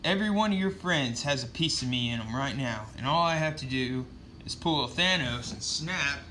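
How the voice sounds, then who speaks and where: A man's voice: mid-range voice, expressive, normal speed, pushed and bright, a little hiss or hum. Man putting on a gloating symbiote villain. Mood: taunting. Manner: taunting. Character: gloating murderous male alien symbiote villain.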